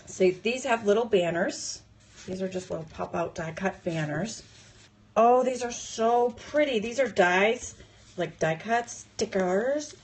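A woman chatting through a live unboxing, gushing and excitable, with gasps and squeals of delight. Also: mid-range voice, measured pace, breathy edge. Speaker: crafting channel host.

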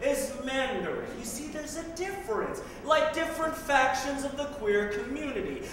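A man's voice: extremely high pitch, very animated, normal speed. A man performing spoken word poetry in a wry, pointed way, with sarcastic asides, recorded live in an echoey hall from far off. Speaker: poet. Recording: echoey hall, mic far off, faint noise.

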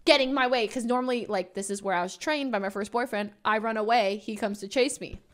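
A young woman livestreamer telling a story in a casual, animated, dramatic way into her desk mic. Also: fairly high pitch, brisk. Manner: animated, dramatic, breaks into laughs.

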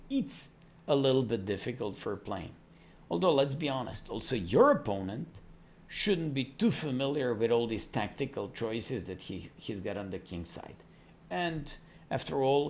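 A chess coach talks through variations in a lively, up-and-down voice, reeling off moves quickly with frequent "uh"s. He is a man, an English speaker, recorded with a faint hiss of background noise behind him. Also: gravelly. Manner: animated, rapid move lists with frequent fillers and pitch jumps. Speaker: chess teacher. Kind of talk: explaining chess opening moves.

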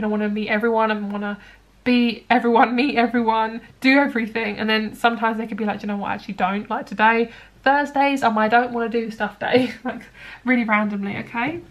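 A young woman chatting casually through a tarot reading, rambling with lots of fillers. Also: a little high. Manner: chatty, rambling, many likes and ums. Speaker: tarot card reader.

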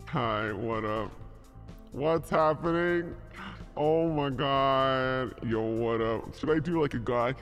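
A woman's voice: a bass voice, slow pace, faint music behind, voice pushed down. A woman streamer speaking through a voice changer, joking around in a mock-macho way. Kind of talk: casual live-stream chat.

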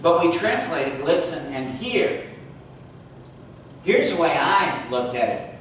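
A man preaching a sermon to a congregation, often pausing to ask the listeners questions and repeating key words. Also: a little high, very animated, slight background noise. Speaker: preacher and teacher. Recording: echoey hall from far off.

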